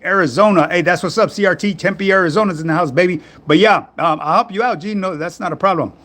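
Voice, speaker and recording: A man's voice: on the high side, fairly bright tone. Slangy laid-back man. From Southern California. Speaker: fitness livestream host. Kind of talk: casual livestream chat answering comments.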